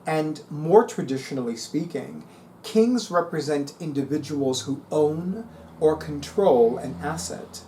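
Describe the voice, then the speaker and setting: Mellow-voiced man musing over tarot. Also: on the high side, lively intonation, measured pace, a little hiss or hum. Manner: musing, reads aloud then comments. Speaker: tarot reader. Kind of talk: casual reading and commentary.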